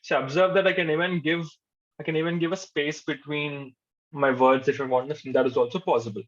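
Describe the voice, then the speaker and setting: A man's voice: on the high side, fairly even intonation, a little fast. A male programming instructor, giving a live coding lecture to a class. He repeats his points patiently and says "okay" often. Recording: dull lo-fi sound.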